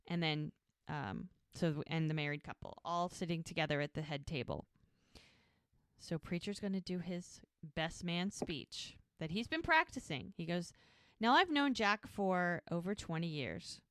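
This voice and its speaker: Woman podcast host, lowish voice, chatty recapper who acts out dialogue. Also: smooth, no room sound, studio quality. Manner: lively storyteller who voices quoted lines. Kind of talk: casual chat, retelling scenes.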